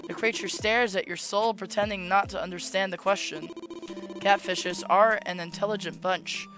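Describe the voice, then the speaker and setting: A woman's voice: medium pitch, steady tone, moderate pace, music in the background. A woman streaming a game, reading its narration aloud in a dry, matter-of-fact way.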